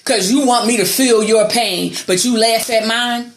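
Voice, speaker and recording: A woman's voice: on the high side, unhurried, echoey room, slight background noise. Heated, profane woman ranting. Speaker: vlogger. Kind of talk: angry ranting monologue.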